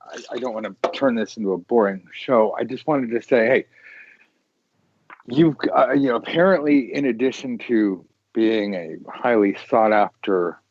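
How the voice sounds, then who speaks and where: A man's voice: medium pitch, moderate pace, a little mellow. A man hosting a casual chat show, jokey and playful and laughing often. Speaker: show host. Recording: dry, dull lo-fi sound.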